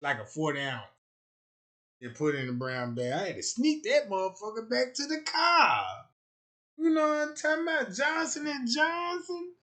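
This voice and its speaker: A man's voice: very high-pitched, normal speed, bright, forceful tone. A young man rambling through a crude comic livestream rant, boastful and repeating "you know what I'm talking about.".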